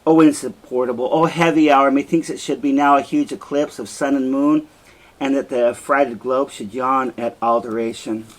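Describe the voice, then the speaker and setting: A man reading aloud as an anguished, jealous male general, declaiming loudly in a lesson. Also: medium pitch, fairly even intonation, moderate pace, natural voice, low-quality recording. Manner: loud declamatory Shakespeare reading.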